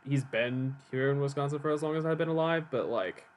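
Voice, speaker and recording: A man's voice: mid-range voice, a little fast. A man chatting casually while playing a game together, with wry remarks. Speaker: co-host. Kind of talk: casual gameplay chat.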